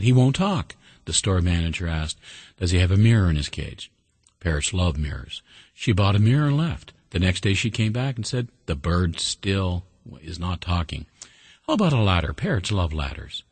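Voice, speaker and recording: Low husky preacher man. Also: no echo. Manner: folksy storytelling, earnest and steady. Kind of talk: sermon.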